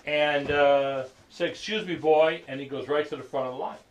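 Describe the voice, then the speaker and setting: Halting man telling a story to a group. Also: mid-range voice, level tone, highs cut off. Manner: halting, many fillers, acts out quoted lines. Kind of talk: casual spoken storytelling.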